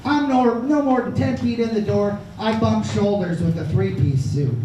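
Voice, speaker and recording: A man's voice: sits high, normal speed, dark tone. Brash profane male comic in echoey club. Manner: crude, brash, profane storytelling. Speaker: stand-up comedian. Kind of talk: stand-up comedy set. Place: small comedy club stage. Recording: echoey club from far off, noisy. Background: audience laughter.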